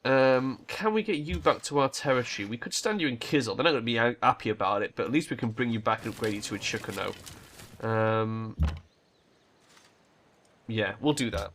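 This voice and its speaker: A man's voice: medium pitch, a little fast, a bit bright, a little hiss or hum. A man hosting a strategy game let's play, casually thinking aloud and swearing now and then. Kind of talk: gameplay commentary.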